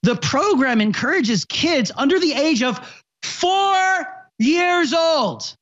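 High-pitched young ranting commentator. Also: animated, takes it slowly, lo-fi sound. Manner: impassioned, shouting, sarcastic.

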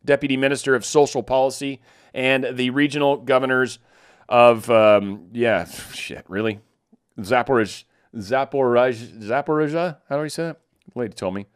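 A man runs through the headlines in a loose, casual commentary style and breaks off for sarcastic side remarks. He trips over hard names and laughs at himself. The sound is dry and close, with his voice at an ordinary middle pitch. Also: fairly even intonation, moderate pace, smooth, no echo. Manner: sarcastic asides, stumbles over foreign names. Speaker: political commentary host.

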